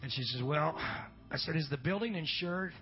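A middle-aged pastor telling a story in a folksy sermon, dropping in amens and swinging between loud and hushed. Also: male voice, a little high, animated, moderate pace. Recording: dull lo-fi recording with faint music.

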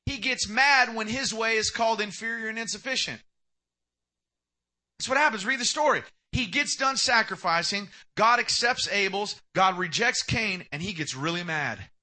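Young male pastor, sermon delivery, high and very bright voice, emphatic. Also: normal speed. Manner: emphatic preaching, acts out quoted speakers.

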